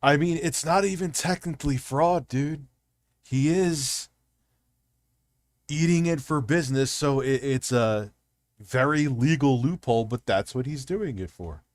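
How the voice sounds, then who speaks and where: Brief: male streamer, mid-pitched, dry close sound, sarcastic and incredulous, swearing through his rants. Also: measured pace, no echo. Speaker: streamer host. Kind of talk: profane reaction commentary.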